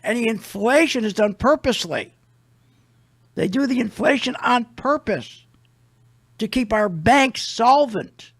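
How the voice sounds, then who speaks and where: A man's voice: very high-pitched, animated, measured pace, fairly bright tone. An older man hosting a radio show, ranting in a blunt, indignant, rambling way.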